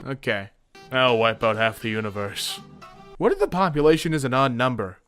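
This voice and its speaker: A man hosting a casual comedic meme commentary, jumping into squeaky silly voices. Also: sing-song, moderate pace, fairly bright tone, faint music behind. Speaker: meme reaction host.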